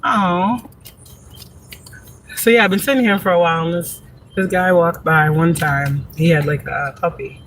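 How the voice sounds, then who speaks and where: A woman vlogging from a parked car in a casual, rambling monologue, profane and animated, laughing often as she tells stories. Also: fairly low pitch, normal speed, long pauses, slight background noise. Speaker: spiritual reader and vlogger.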